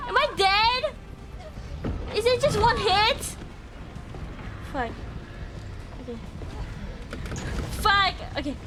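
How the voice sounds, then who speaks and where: A woman streaming a game live, reacting excitedly with yelps, laughter and chatty commentary. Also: extremely high pitch, drawn-out words, long pauses, music in the background.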